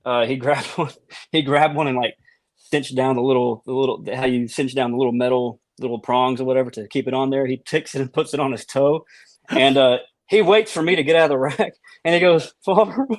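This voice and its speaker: A man's voice: mid-range voice, fairly even intonation, fairly quick, no room sound. A man co-hosting a podcast, telling stories in a casual, rambling way, full of restarts and laughs. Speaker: podcast co-host. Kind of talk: casual storytelling chat.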